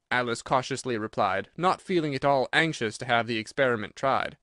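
A man narrating a storybook audiobook in an expressive storytelling manner. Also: medium pitch, fairly quick, hardly any pauses, no echo, studio quality.

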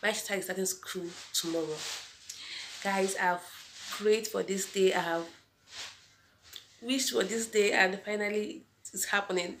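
A woman's voice: mid-range voice, a little slow, pauses often, fairly bright tone, echoey room, a little hiss or hum. A young Nigerian woman with a Nigerian accent, chatting casually to her viewers in a home vlog and repeating her phrases. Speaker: vlogger. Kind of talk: casual vlog chat to camera.

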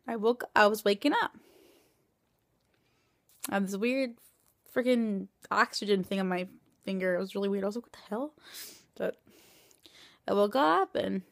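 A woman's voice: on the high side, vocal fry, fairly bright tone, dry recording, clean studio sound. A young woman telling a casual, rambling story as a vlogger, full of filler words and acting out the voices of others.

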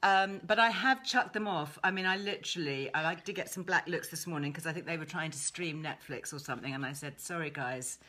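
A woman hosting a casual live stream from home, chatting warmly and reading out viewers' greetings. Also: deep voice, brisk, few pauses. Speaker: host. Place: her home.

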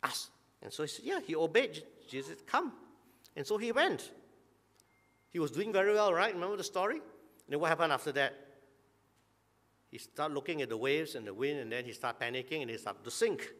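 A man preaching a relaxed, conversational sermon, his fairly high voice rising and falling a great deal as he keeps putting questions to his listeners. He clears his throat now and then, and a long church-hall reverb trails after his words. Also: moderate pace, pauses often. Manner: asks the congregation frequent rhetorical questions. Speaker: pastor.

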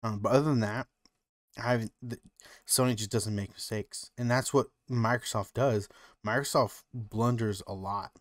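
Man, podcast co-host, lowish voice, rambling casual chat, dry close sound. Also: steady tone, moderate pace, dry recording. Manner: rambling, heavy use of "like" and "you know".

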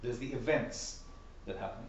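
A man's voice: mid-range voice, moderate pace, recorded from a distance, a little hiss or hum. A man giving an academic workshop presentation in a seminar room, talking conversationally and posing rhetorical questions. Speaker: lecturer. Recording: very echoey, dull room recording.

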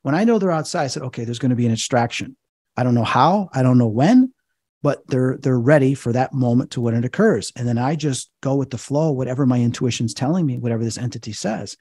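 Guest medium, man, mellow husky voice, lively retelling with acted-out quotes. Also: mid-range voice, fast talker, no room sound, studio quality. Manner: animated, acts out dialogue in retelling. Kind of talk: interview storytelling.

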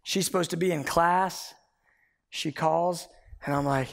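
A male pastor preaches a sermon and tells a personal story in a high-leaning, unhurried voice with vocal fry. He's animated, swinging between loud and hushed, and repeats words as he builds a point.

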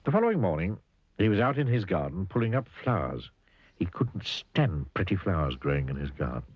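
A man narrating a children's cartoon story, playful and expressive, asking the listener questions. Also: sits low, a little fast, slightly rough, dry recording, lo-fi sound.

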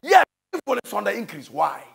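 High, gravelly Ghanaian preacher man. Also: big pitch swings, moderate pace. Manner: scolding, dramatic, bursts into shouting. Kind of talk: comic sermon.

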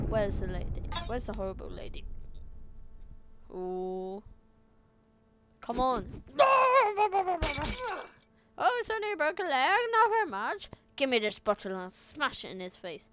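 A woman with a high voice that leaps around wildly calls out her let's play commentary, excitable and chattering at the game. She talks slowly between bursts. Game sound effects and clear noise sit behind her. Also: lo-fi sound. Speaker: gaming video host. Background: video game sound effects.

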